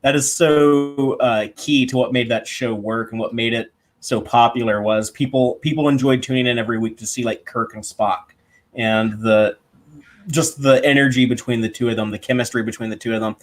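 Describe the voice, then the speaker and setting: A man co-hosting a casual fan commentary podcast, relaxed and explaining at length. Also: mid-range voice, moderate pace. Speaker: podcast co-host.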